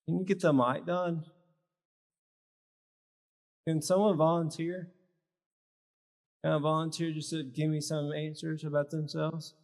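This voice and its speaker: A man with a slightly high voice leads a live workshop, driving his points home in short, punchy phrases. His voice rings with the long reverb of a large church hall. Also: flat delivery, a little slow, vocal fry, pauses often, a little mellow. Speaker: speaker at a health symposium.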